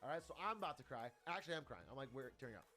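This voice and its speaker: A young man streamer telling a personal story in a casual, animated way, swearing often and laughing between lines. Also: medium pitch, very fast, faint music behind.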